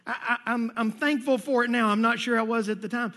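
A man preaching a sermon as pastor, talking in an animated, folksy way and repeating key phrases. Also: very high-pitched, a little fast. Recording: long reverb of a large hall.

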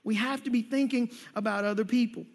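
A man's voice: very high-pitched, steady tone, a little fast, breathy edge. A male pastor giving a conversational sermon to his congregation, often repeating words as he goes. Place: church sanctuary.

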